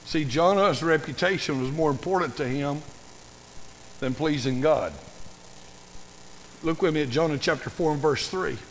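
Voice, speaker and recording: An older male pastor preaching a sermon with a high-pitched voice and a gravelly rasp. He tells folksy, humorous stories and animates them as he goes, and his voice carries a long reverb through a big hall. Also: normal speed, pauses often, slight background noise.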